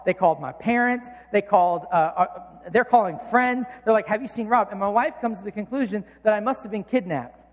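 A man in his thirties preaches with earnest conviction, then pokes fun at himself in a personal story. His voice sits high for a man. It carries with a long reverb, as if across a large church hall. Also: fairly quick, dull audio. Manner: earnest, self-mocking storytelling. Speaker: pastor.

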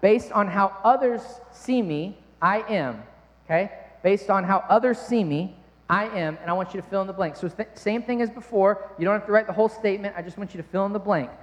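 A man's voice: high-pitched, a little fast. A man preaching a sermon in church, talking in a conversational way with playful asides. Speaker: pastor. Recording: long reverb of a large hall.

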